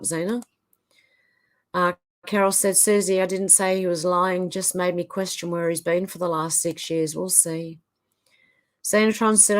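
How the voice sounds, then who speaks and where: A woman with an Australian accent, hosting a livestream and casually reading viewers' chat comments aloud in turn. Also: fairly low pitch. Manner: casual, chatty, reads names and comments in turn. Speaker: livestream host.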